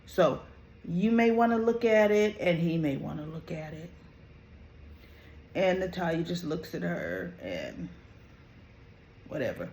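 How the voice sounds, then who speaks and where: Slow-talking soap recap host, roomy sound. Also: mid-range voice, a little hiss or hum. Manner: animated, opinionated, quotes characters in lively voices; frequent "you know" and "right?" asides. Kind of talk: casual episode review.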